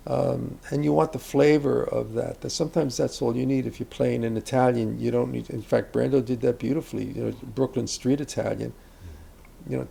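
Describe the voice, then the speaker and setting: A man's voice: medium pitch, steady tone, a little fast, creaky, warm tone, slight background noise. An older man, an acting teacher, speaking reflectively about character in a conversational interview, rambling with asides and restarts.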